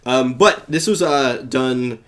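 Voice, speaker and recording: A man's voice: medium pitch, slow. A man hosting a casual comics podcast, talking in an enthusiastic, rambling way with many restarts. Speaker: podcast host. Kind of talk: casual chat.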